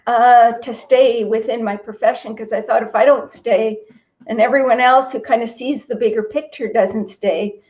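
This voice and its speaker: A woman's voice: fairly high pitch, fairly even intonation, normal speed, a little mellow. A middle-aged woman from Canada, a registered dietitian and author, speaking earnestly and reflectively as a guest in a video-call interview. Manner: earnest, reflective, moved to tears at moments. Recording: slightly dull lo-fi audio.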